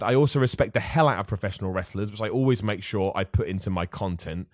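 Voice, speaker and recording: A man's voice: lowish voice, animated, a little fast. An upbeat man hosts a live podcast and chats casually through viewer questions. His voice swings freely up and down. The sound is close and dry, with no room echo. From England. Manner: chatty, upbeat, reads viewer questions aloud. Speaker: podcast host. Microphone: studio microphone.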